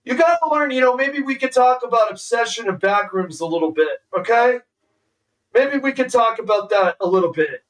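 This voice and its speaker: A man with a high voice rants with mocking, exasperated sarcasm. He sounds set back from the microphone, as on a streaming setup. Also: animated, moderate pace, a bit bright, far from the mic, rough recording. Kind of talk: ranting commentary.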